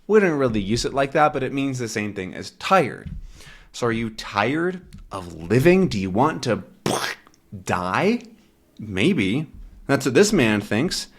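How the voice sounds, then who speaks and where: A man's voice: mid-range voice, sing-song, a little slow, husky. A man teaching English to learners, patiently explaining words from a comic. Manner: patient, repeats words and checks with "right?".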